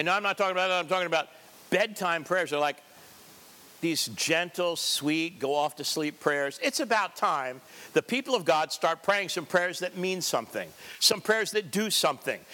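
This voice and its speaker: A man's voice: high voice, bright, forceful tone. A man preaching a sermon as a pastor, emphatic and repetitive, with joking asides.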